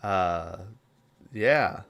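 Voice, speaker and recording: A podcast host casually recapping a film, swearing a lot and rambling. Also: male voice, deep voice, lively intonation, extremely slow, a bit bright, clear, resonant tone. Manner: profane, rambling, laughing.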